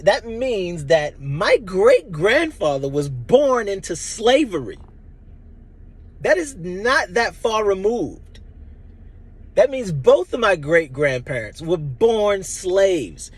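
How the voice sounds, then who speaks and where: A man in his thirties giving an impassioned, blunt personal monologue, emphatic and profane. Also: high voice. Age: 30s. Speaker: vlogger.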